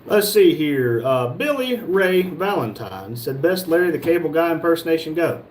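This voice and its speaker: A man's voice: on the high side, very animated, moderate pace, a little hiss or hum. A man from North Carolina, hosting a casual livestream and reading viewer comments aloud with joking replies. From North Carolina, USA. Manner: reads viewer comments aloud and jokes back. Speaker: livestream host reading chat. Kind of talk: casual live chat.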